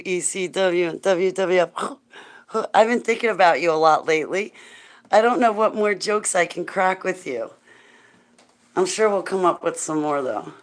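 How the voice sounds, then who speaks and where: Low-voiced woman chatting with her viewers. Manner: rambling, laughs often, talks straight to viewers. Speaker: livestreamer answering chat. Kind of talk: casual chat.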